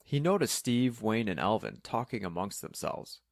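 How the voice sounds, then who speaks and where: Brief: calm male narrator, low voice, dry close sound, steady storybook delivery. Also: moderate pace, dry recording. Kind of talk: scripted audiobook narration.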